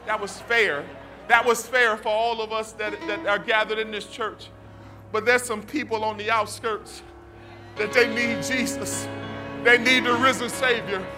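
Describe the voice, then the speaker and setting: A pastor from Youngstown, Ohio, preaching a call-and-response sermon in a church that builds to shouts. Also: male voice, high voice, fairly even intonation, measured pace, over music.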